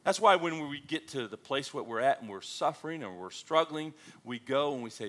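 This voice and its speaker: A man delivers a sermon in a bright, fairly high voice. His pitch leaps and dips freely as he jokes with the congregation and keeps tossing questions at them. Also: brisk, few pauses. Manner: animated, joking, calls out to the congregation. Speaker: pastor.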